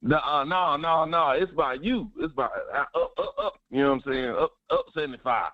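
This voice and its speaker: A man calling into a sports radio show, talking fast and fired up, with lots of repetition and cussing. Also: on the high side, no room sound. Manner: animated, swears, preachy repetition. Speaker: caller. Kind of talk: excited sports call-in. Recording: muffled phone line.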